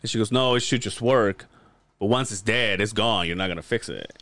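A man's voice: on the low side, brisk, fairly bright tone, dry recording. A man co-hosting a podcast in casual chat, rambling through stories, laughing often and acting out other people's lines. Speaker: podcast co-host.

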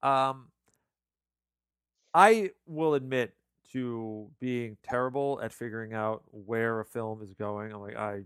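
A man co-hosting a casual film discussion, talking in halting bursts with many restarts. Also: medium pitch, a bit bright, smooth, dry recording, studio quality. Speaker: podcast co-host.

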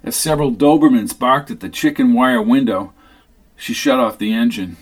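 A man reading a novel aloud as narrator, in a steady, even manner. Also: medium pitch, normal speed. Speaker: audiobook narrator. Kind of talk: scripted narration.

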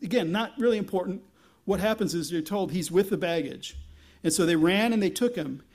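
Male pastor, high voice, casual wry sermon delivery, animated scripture reading. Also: brisk.

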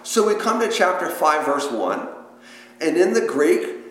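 A man's voice: on the high side, big pitch swings, measured pace, fairly bright tone. A man leading an interactive Bible study lesson, talking conversationally, quizzing the class with questions and making playful joking asides. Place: church hall. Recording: echoey church hall with long reverb.

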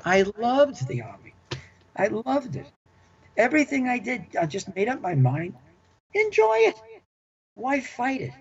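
A man's voice: sits high, sing-song, normal speed, husky. Chatty older man telling stories. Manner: chatty, repeats himself, enthusiastic. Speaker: interview guest, former club manager. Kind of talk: storytelling reminiscence. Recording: dull lo-fi recording.

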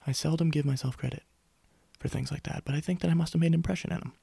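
A man's voice: fairly high pitch, fairly even intonation, very fast, creaky, warm tone, slightly rough, dry recording. A young man hosting a solo podcast in a casual, rambling, self-mocking way, close to the mic. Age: young adult. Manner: rambling, self-mocking, jokey, with sudden whispers and put-on voices. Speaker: podcast host. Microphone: studio mic close up.

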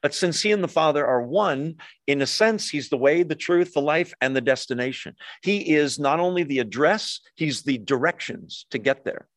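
A man's voice: on the high side, expressive, normal speed, hardly any pauses, fairly bright tone, no room sound. Conversational man preaching a sermon. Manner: conversational, asks the audience questions. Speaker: pastor.

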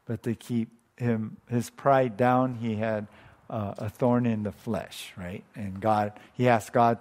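A pastor giving a casual, conversational sermon, thinking aloud and often chuckling. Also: male voice, lowish voice, fairly even intonation, takes it slowly, a little mellow.

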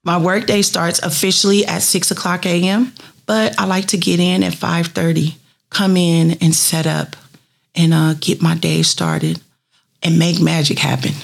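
A woman's voice: lowish voice, unhurried, gravelly, soft background music. A woman in her fifties, a street cleaning supervisor, telling earnest, heartfelt stories from her work in an interview. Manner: earnest and heartfelt, with lively retold dialogue. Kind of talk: storytelling in a personal profile interview.

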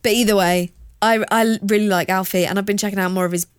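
A woman's voice: medium pitch, fairly even intonation, fast talker, smooth, dry recording, studio quality. A young woman from southern England with a slightly posh southern accent, chatting candidly and swearing freely on her solo podcast. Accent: southern English, slightly posh. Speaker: podcast host. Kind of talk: casual solo podcast chat.

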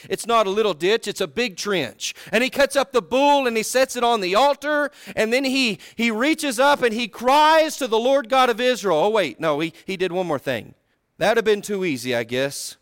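A man preaching a sermon, telling a Bible story in a folksy way, swinging between loud, high bursts and low, quiet asides. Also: smooth, dry recording, studio quality.

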